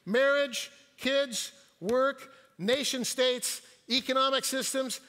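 An older man in his sixties delivers a sermon with a high, bright, forceful voice. He tells stories with light quips and occasional stumbles. His voice rings out with the long reverb of a church hall. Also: slow, slight background noise. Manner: storytelling with quips and hesitations. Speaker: guest pastor. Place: church sanctuary.

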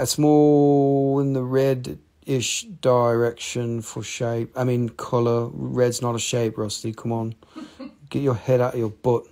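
A man hosting a casual live rock and mineral sale, rambling and joking, teasing viewers by name, and drifting into quiet murmurs as he handles the specimens. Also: medium pitch. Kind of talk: casual live sales chat.

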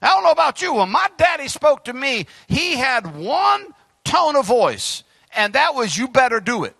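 A male pastor preaching an impassioned sermon, breaking into shouts. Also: very high voice, very animated, measured pace, creaky, no room sound. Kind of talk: fiery sermon.

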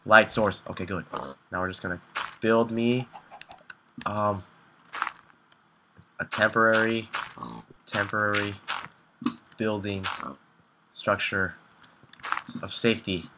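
A man's voice: fairly low pitch, level tone, slow, pauses often, noisy background. A young man commentating his own video game play, panicky and talking to himself, repeating words in frantic bursts. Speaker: gameplay commentator. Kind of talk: live gameplay commentary.

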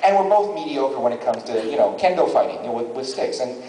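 A man doing live comic storytelling as a stand-up comedian in a large convention hall, with an animated delivery. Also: medium pitch, fast talker, a little hiss or hum. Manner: animated, jumps into character voices. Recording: echoey hall from far off.

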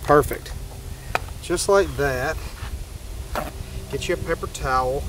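A man hosting an outdoor fishing and cooking vlog near a pier, talking in an excitable, joking, folksy way. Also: fairly high pitch, takes it slowly, noisy background. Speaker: fishing vlogger, host.

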